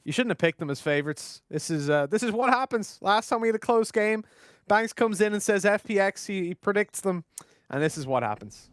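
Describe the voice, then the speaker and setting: A man with an Irish accent giving animated, joking color commentary on an esports match. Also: high-pitched, a little fast, no echo, clean studio sound. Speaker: esports caster.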